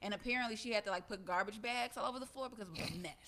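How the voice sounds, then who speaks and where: A woman's voice: mid-range voice, racing, sharp tone. Chatty woman radio co-host. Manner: chatty, laughs often, storytelling. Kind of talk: casual chat.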